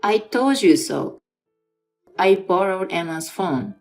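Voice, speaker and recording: A woman's voice: medium pitch, animated, slow, soft background music. A woman reading as a stern scolding aunt. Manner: firm, scolding. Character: stern older aunt scolding her nephew. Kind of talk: scripted dramatized story reading.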